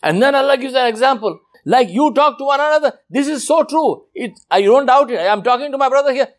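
A man's voice: expressive, quick pace. A man preaching a sermon, telling a story emphatically and dramatically, with Arabic religious phrases woven into his English. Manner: emphatic, dramatic storyteller with wide swings in pitch and loudness.

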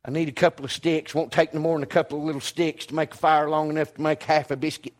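A woman's voice: low voice, level tone, quick pace, lightly acted. A male preacher voicing a destitute widow who speaks in a weary, resigned, plain way while telling a scripture story.

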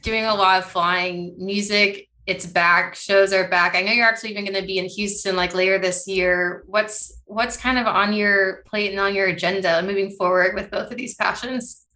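A woman with a bright, sharp-toned voice hosts a relaxed interview. She asks friendly, upbeat questions and laughs easily. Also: medium pitch, normal speed, few pauses. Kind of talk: casual interview.

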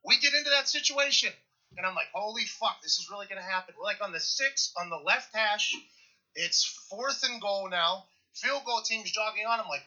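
A man in his thirties from Pittsburgh, telling a story in casual podcast chat, animated and profane, getting loud at the punchlines. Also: high-pitched, normal speed, dull audio. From Pittsburgh, USA.

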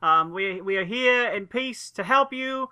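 Woman doing the doctor, eccentric alien lady, rambly and fussy, really bright voice. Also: fairly low pitch, lively intonation, normal speed. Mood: calling out.

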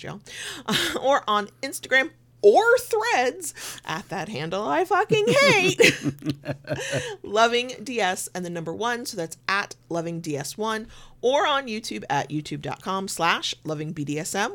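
Her voice sits on the low side and sounds a bit bright: a Southern American woman co-hosting a podcast in a home recording room. She keeps things casual, wandering through asides and laughing a lot.

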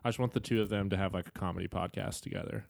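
A man co-hosting a casual fan podcast, chatty and quick to laugh, swearing now and then. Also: deep voice, vocal fry, darkish tone, dry recording, studio quality. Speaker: podcast co-host.

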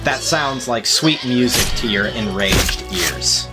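A man's voice: fairly low pitch, lively intonation, slow, over loud music. A man narrating a tabletop game as game master, casual and laid-back.

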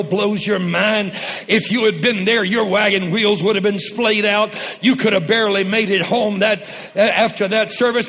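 A man preaching a sermon, calling on the congregation to repeat after him and rising to shouts. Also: high voice, long reverb tail. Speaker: pastor.

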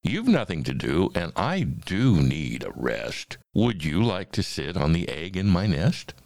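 A man's voice: deep voice, wildly swooping pitch, measured pace, gravelly, a little mellow, no echo, studio quality, exaggerated voice. A man voicing a lazy female bird who whines and coaxes in a sing-song way. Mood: coaxing.

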